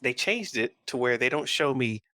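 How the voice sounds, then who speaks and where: This is a man of medium pitch speaking at normal speed, recorded with no room sound. In a casual pop culture podcast chat, the co-host spins a rambling story and retells it in an animated way.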